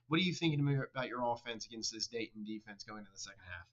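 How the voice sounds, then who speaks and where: A man's voice: lowish voice, expressive, rapid-fire, fairly bright tone, lo-fi sound. A man commenting on a football video game and interviewing coaches in a chatty, teasing way. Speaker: host and commentator.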